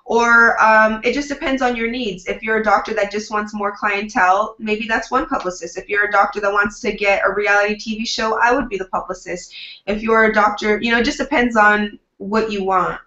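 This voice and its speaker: A woman's voice: medium pitch, fairly even intonation, brisk, pushed and bright. A woman publicist answering interview questions in an upbeat, chatty way, often acting out what she tells her clients. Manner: upbeat, chatty, acts out quoted dialogue. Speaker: publicist, guest. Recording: roomy, dull lo-fi sound.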